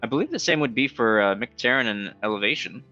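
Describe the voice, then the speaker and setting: A man's voice: mid-range voice, lively intonation, fast, pushed and bright, muffled recording, faint music behind. A man co-hosting a game league stream, joking and reading out comments from the chat. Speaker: co-host.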